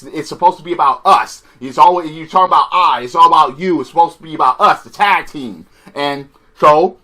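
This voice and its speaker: A man's voice: fairly high pitch, pushed and bright. Profane, exasperated man ranting. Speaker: wrestling reviewer. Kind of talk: ranting show review.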